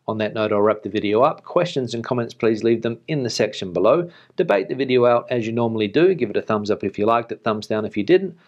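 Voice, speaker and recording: A man's voice: medium pitch, lively intonation, quick pace, hardly any pauses, dull audio. A man hosting a news update channel, reading and answering viewer comments in a frank, conversational way. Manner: frank, conversational, blunt when challenged.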